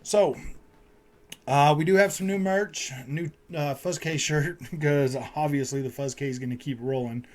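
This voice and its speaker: A man's voice: a little high, steady tone, a little slow. A man who runs a gaming and tech channel, ranting to his viewers in a frustrated way, repeating himself and saying "man" and "dude" a lot. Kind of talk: frustrated casual rant to viewers.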